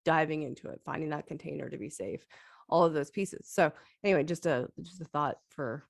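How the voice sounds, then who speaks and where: A woman's voice: low voice, brisk, vocal fry, no echo, clean studio sound. A woman co-hosting a casual talk, speaking in a thoughtful, candid way. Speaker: co-host. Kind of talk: casual chat.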